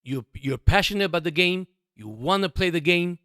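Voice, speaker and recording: A man's voice: sits high, animated, moderate pace, bright, forceful tone, dry recording, clean studio sound. A man hosting a sports podcast, talking straight to his listeners in an emphatic, repetitive monologue. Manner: emphatic, repeats himself, addresses listeners as guys. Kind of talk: passionate sports commentary monologue.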